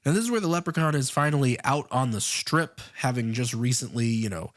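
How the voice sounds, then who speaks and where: A man co-hosting a podcast, recapping a film's scenes in a relaxed way with many fillers. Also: mid-range voice, fairly quick, no echo, clean studio sound. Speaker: podcast co-host. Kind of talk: casual movie-review chat.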